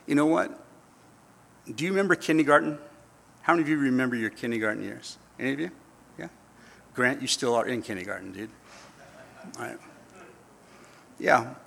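A man's voice: mid-range voice, lively intonation, normal speed, creaky, pauses often, a bit bright. A man in his fifties preaching a sermon, telling stories with humor and acting out voices. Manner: storytelling with acted-out voices and humor. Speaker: pastor.

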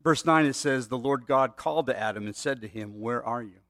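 A man's voice: medium pitch, a little fast, fairly bright tone, no echo, clean studio sound. A middle-aged man preaching a sermon, telling stories in a conversational way with asides to the listeners. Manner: conversational, storytelling with asides to the audience. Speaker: pastor.

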